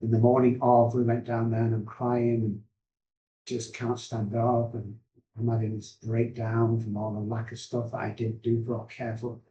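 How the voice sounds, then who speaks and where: A man's voice: mid-range voice, completely flat delivery, normal speed, dark tone, muffled recording. A man, an addiction specialist earnestly telling his life story in rambling, heartfelt sentences. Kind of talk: emotional personal storytelling. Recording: roomy echo.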